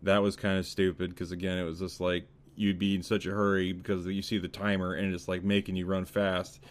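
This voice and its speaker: Man, podcast co-host, casual chat, swears a lot, lively storyteller. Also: deep voice. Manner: swears freely, animated storytelling.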